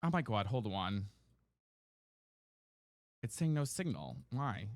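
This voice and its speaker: A man's voice: lowish voice, big pitch swings, slow pace, no echo, clean studio sound. A man streaming live from a room at home, chatting casually and ranting in exasperation to his viewers. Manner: chatty, exasperated rants to chat. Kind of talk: casual chat while gaming.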